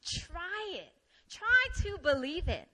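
Young woman, preacher, sermon, animated storytelling, high voice, crisp and bright. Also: slow pace, poor audio. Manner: animated storytelling, acts out her own complaints.

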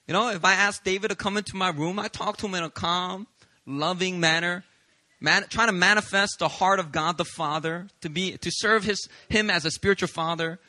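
Male pastor, sermon delivery, animated and self-deprecating, very bright tone. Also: high-pitched, dry recording. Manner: animated, confessional storytelling with humor.

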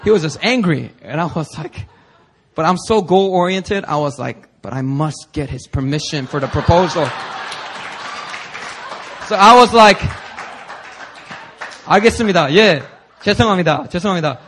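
A young adult man preaching, telling a personal story with lively energy and acting out the people he quotes. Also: a little high, normal speed, long pauses, some chatter behind, slight background noise. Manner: animated storyteller, acts out quoted voices. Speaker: pastor.

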